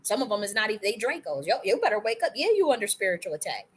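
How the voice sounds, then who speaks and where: Woman, from the United States, has a cold, livestream host, angry profane rant, medium pitch. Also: big pitch swings, slightly rough. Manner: angry, profane, rapid-fire ranting with restarts. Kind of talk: heated monologue on a livestream.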